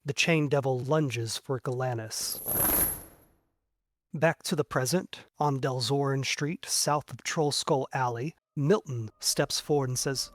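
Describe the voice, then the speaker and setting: A man's voice: mid-range voice, a little slow, soft background music. Casual male game master narrating. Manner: casual, frequent "like" fillers.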